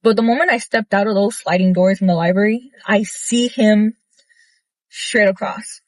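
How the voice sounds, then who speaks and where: A young woman recounting a story in a loose, casual rant, blunt and swearing often. Her voice sits at an ordinary middle pitch. The sound is close and dry, with no room around it. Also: moderate pace, no room sound. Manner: blunt, profane, animated retelling with many fillers. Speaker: vlogger.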